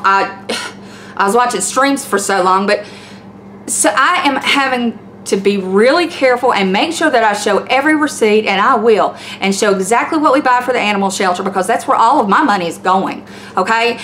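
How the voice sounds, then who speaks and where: A woman's voice: on the high side, a bit bright, a little hiss or hum. Blunt Southern woman ranting. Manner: blunt, fired-up and preachy, with cursing. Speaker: YouTube commentator. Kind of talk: ranting home vlog. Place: home, by the laundry.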